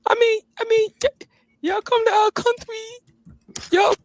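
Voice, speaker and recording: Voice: extremely high pitch, fairly even intonation. A caller voicing a boastful, mocking immigrant man. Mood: taunting. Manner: taunting, teasing, drawn-out words.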